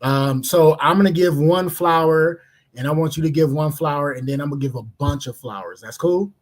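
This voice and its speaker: Podcast co-host guy from cleveland, casual storytelling, acts out the voices, kinda high pitched. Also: fairly quick. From Cleveland, Ohio. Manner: animated, laughing, acts out voices in his stories.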